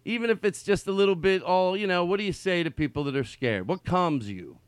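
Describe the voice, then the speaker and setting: A middle-aged man hosting a comedy podcast from a studio mic, rambling and excitable. He jumps between loud outbursts and soft asides. The sound is close and dry. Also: sits high, brisk, clean tone, no room sound. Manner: rambling, excitable, swings from yelling to quiet. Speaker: podcast host. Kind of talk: loose comedic podcast talk.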